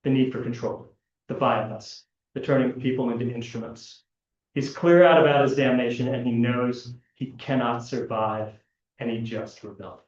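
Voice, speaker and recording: A man's voice: mid-range voice, steady tone, moderate pace. A man presenting an academic paper at a conference panel, reading a prepared analysis with occasional fillers and restarts. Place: large lecture hall. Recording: echoey hall, distant, dull lo-fi.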